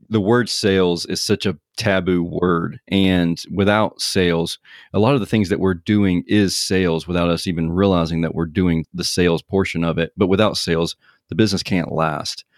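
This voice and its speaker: Deep-voiced, dry-sounding podcast host. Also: male voice, steady tone, moderate pace, dry recording. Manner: agreeable, earnest and explanatory. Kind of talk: casual podcast conversation.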